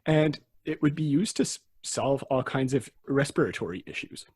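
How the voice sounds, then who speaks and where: A man with a slightly husky, mid-pitched voice talks through history on a podcast. His delivery is chatty and explanatory, and his sentences often trail off and restart. The sound is dry and close to the mic. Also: lively intonation, normal speed, darkish tone, no echo. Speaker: podcast host. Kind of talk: casual history podcast chat.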